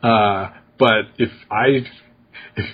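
A man co-hosts a relaxed podcast chat with a deeply husky, breathy voice. He rambles, leaning on fillers and restarting his sentences. The audio is slightly dull and lo-fi. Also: very slow. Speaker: podcast co-host. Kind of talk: casual chat.

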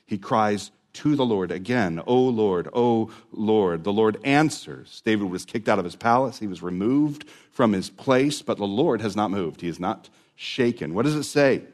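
A man's voice: lowish voice, lively intonation, normal speed, hardly any pauses, darkish tone. A man preaching a sermon in an earnest, conversational way, rising into emphatic swells on key points.

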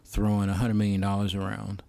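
Halting, gravelly-voiced man in casual chat. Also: lowish voice, completely flat delivery, mellow, no echo. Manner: thoughtful, halting, many ums and restarts. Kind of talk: casual film-industry chat.

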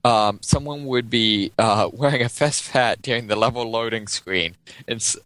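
A man with a mid-range voice reads listener messages in a relaxed chat. He goes animated now and then and jumps into a high, yelled voice. The recording is dry and close. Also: moderate pace, no room sound. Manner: animated, breaks into high yelled voices when acting out a story.

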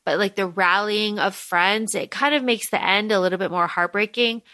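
A woman's voice: medium pitch, moderate pace, pushed and bright. A woman co-hosting a podcast in casual book chat, animatedly acting out characters' lines. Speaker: podcast co-host.

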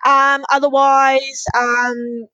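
A woman guest on a podcast, bubbly and excitable, gushing in casual conversation. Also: high-pitched, very slow, dry recording, highs cut off. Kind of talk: casual interview chat.

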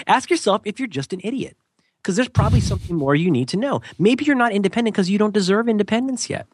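A man co-hosting a podcast, talking in an animated, emphatic casual rant and slipping into mock voices. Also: sits high, quick pace, slightly rough, no echo. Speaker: podcast co-host.

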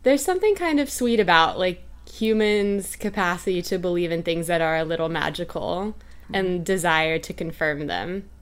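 A woman co-host chiming in with thoughtful, easygoing asides in relaxed conversation. Her voice sits a little low for a woman. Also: normal speed, clear, resonant tone. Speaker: podcast co-host. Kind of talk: casual chat.

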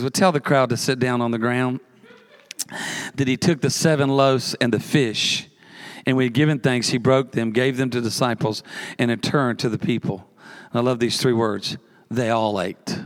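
A man preaching a sermon as pastor, telling a story with humor and building repeated emphatic lists. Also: mid-range voice.

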